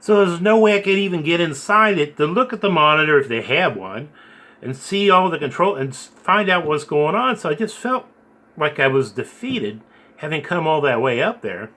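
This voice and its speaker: A man earnestly recounting a dream and preaching in a rambling, halting way, repeating his words. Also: on the high side, expressive, pushed and bright. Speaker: video blogger recounting a dream. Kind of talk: earnest spoken storytelling and preaching.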